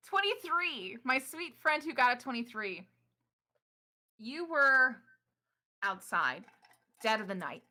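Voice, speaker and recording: A young woman runs a tabletop game, chatty and affectionate toward her players, filling pauses with ums. Her voice is bright and sits at a middle pitch. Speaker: game master.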